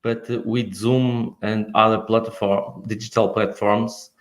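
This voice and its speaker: Portuguese accent, man, slow halting speech, video call guest. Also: lowish voice, level tone. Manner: halting, searching for words. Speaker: guest insurance advisor. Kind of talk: casual video-call chat.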